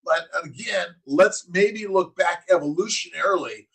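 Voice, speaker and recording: Gravelly, husky man preaching to his chat. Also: sits high, a little slow, a bit bright, poor audio. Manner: preachy, punchy slogans, reads and answers chat comments. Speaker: physician hosting a morning livestream. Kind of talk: casual motivational livestream chat.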